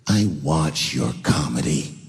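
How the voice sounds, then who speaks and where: A cold, disapproving middle-aged woman, as a man puts her on, drawing out every accusing word. She lurches from low and flat to pitched-up and pointed. It rings out in a hall with long reverb and a faint hum beneath it. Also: takes it slowly, gravelly, heavily acted.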